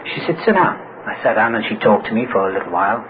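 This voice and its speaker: A man's voice: fairly low pitch, racing. A middle-aged man speaking at a recovery meeting, telling his own story with humor and acting out the voices of people he quotes. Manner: animated, acts out quoted voices. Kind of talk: humorous personal storytelling talk. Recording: tinny phone-like old recording with hiss.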